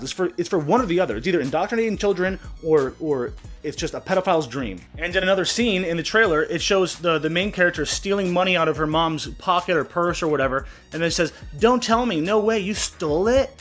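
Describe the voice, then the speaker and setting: A man's voice: high voice, lively intonation, quick pace, few pauses, fairly bright tone, soft background music. A man hosting his channel, ranting in indignant outrage, swearing often and stumbling over repeated words. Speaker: channel host. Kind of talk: angry commentary rant.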